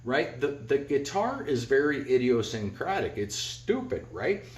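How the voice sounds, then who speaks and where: A man's voice: medium pitch, sing-song, a little slow. A man giving a casual guitar lesson at home, talking bluntly and rambling, humming notes as he plays. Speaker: guitar teacher. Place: home garage. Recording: roomy, dull lo-fi with loud guitar. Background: electric guitar playing.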